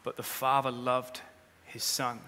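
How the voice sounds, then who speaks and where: Speaking a little slowly in a mid-range, monotone voice, a male pastor addresses his congregation directly with humorous asides. He still rises to loud, emphatic peaks, and the large hall gives a long reverb.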